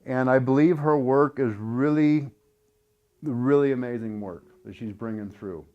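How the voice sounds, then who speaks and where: A man giving a casual how-to explanation in an earnest, hesitant way, with many fillers and restarts and softly chanted syllables. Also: mid-range voice, measured pace, lo-fi sound. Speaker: instructor demonstrating a build.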